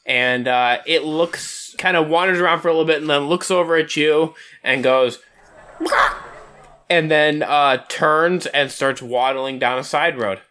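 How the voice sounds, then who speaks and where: A man narrating a tabletop game as game master, describing scenes with frequent pauses. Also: on the high side, pushed and bright, clean tone.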